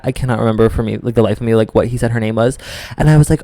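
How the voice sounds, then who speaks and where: A young man, podcast co-host, telling a story in casual chat, full of "like" and lively quoted voices. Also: mid-range voice, racing, no room sound.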